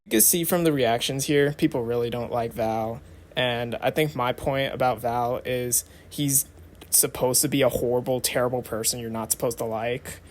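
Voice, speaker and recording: A man's voice: mid-range voice, steady tone, normal speed, slight background noise. A young adult man giving casual vlog commentary, chatty and rambling with lots of fillers. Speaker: vlogger.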